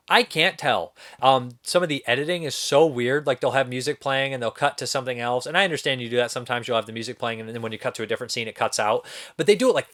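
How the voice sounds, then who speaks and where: A man's voice: mid-range voice, fast, a bit bright. A young man giving a casual spoken film review, rambling and incredulous, swearing now and then. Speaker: movie reviewer.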